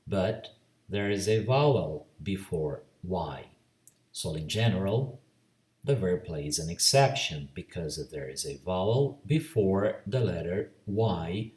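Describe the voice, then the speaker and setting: Brazilian guy teaching grammar real slow, spells letters out, kinda low voice, echoey room a bit off mic. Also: darkish tone, far from the mic. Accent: Brazilian Portuguese. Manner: slow, deliberate, spells out letters and repeats rules. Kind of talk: slow bilingual grammar lesson.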